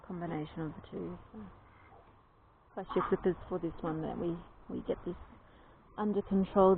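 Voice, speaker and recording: A woman with an Australian accent chatting casually to camera while tending her ducks outdoors, often cooing to them in a high baby voice. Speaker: duck keeper. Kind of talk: casual vlog narration to camera. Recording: tinny lo-fi phone audio with background noise. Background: ducks quacking, outdoor noise.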